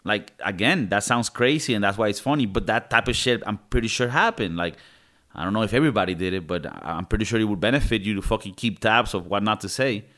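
A man's voice: lowish voice, quick pace, fairly bright tone. A man co-hosting a casual movie review podcast, swearing often and restarting his sentences. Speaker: podcast co-host.

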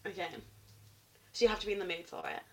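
A woman's voice: medium pitch, fairly even intonation, quick pace, a bit bright. A young woman, a university student, co-hosting a podcast in casual chat and reading from her notes when she tells a case. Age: young adult. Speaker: podcast co-host.

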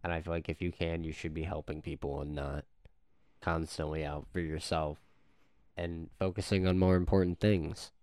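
A man's voice: low voice, level tone, normal speed, darkish tone, clean tone, no echo, studio quality. A man playing a tabletop game, speaking thoughtfully and earnestly. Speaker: player. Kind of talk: tabletop role-play.

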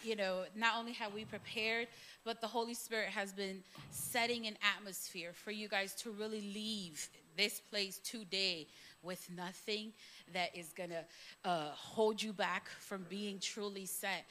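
A woman's voice: mid-range voice, steady tone, measured pace, bright, forceful tone, slight background noise. A woman from Puerto Rico, a guest therapist, explaining conversationally at a church Q&A. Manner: conversational, explanatory, asks rhetorical questions. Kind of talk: church Q&A answers. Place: church sanctuary.

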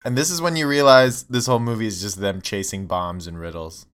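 A man's voice: lowish voice, fairly even intonation, fairly quick, a bit bright, clear, resonant tone. A man co-hosting a casual movie chat podcast, adding wry, laid-back comments.

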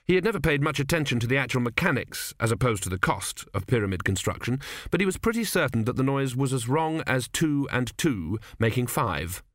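A man narrates a comic fantasy novel in a measured, wry storytelling voice. His pitch sits in the middle range. The recording is dry and close, with no room sound. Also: sing-song, fairly bright tone, no room sound. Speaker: audiobook narrator.

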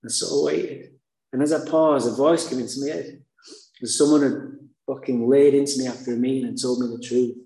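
A man's voice: medium pitch, steady tone, brisk, gravelly. Blunt, profane man telling his story. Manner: blunt and profane, with dark humor. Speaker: speaker sharing his recovery story. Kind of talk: candid personal storytelling. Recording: roomy echo.

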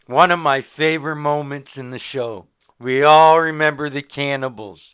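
A man hosting a casual podcast chat, his voice a little high and smooth as he tells stories in an excited, profane way. It comes through a thin, phone-like recording. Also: normal speed. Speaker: podcast host. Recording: phone-like narrow band.

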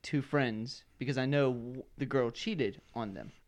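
A man's voice: mid-range voice, a little slow. A young man in casual chat among friends over a party game, playful and laughing often. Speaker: game player.

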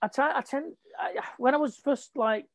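A woman chatting as a guest about wrestling, lively and opinionated. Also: sits high, normal speed, no echo. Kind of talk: casual chat about wrestling.

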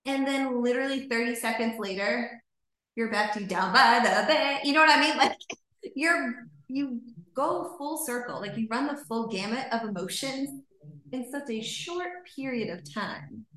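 A woman's voice: fairly high pitch, moderate pace, fairly bright tone. A woman hosting a casual podcast, chatty and laughing through her words. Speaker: podcast host. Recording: very echoey room.

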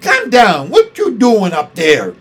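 A man reading a storybook aloud voices a blustering, angry policeman who shouts and stumbles over his words. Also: extremely high pitch, expressive, drawn-out words, gravelly, pitched above the performer's own voice, full character voice.

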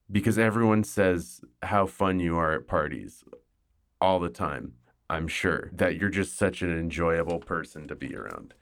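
A man with a very low, deep voice hosts his podcast from home in casual chat. He rambles and jokes at his own expense, a little tipsy. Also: lively intonation, normal speed, gravelly. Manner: rambling, joking, self-mocking. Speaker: podcast host. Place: home, hot room without air conditioning.

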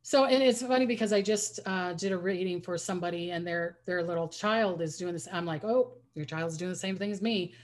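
A woman's voice: fairly low pitch, fairly quick, few pauses. A woman psychic medium telling stories in a casual interview, rambling with many restarts. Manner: rambling, restarts often, acts out quoted voices.

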